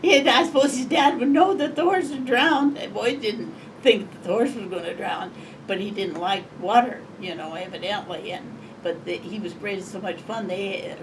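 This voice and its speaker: A woman's voice: medium pitch, normal speed. An older woman from Montana, an interviewee telling oral history stories in a rambling, chuckling way. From Montana, USA. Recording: distant mic, faint background noise.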